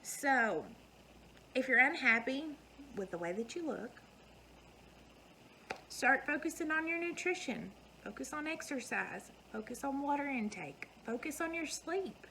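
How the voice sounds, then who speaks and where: A woman's voice: high-pitched, animated, measured pace, gravelly, sharp tone, a little hiss or hum, rough recording. A woman, giving an earnest, folksy motivational talk to her viewers. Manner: earnest, folksy, emphatic repetition. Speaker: vlogger.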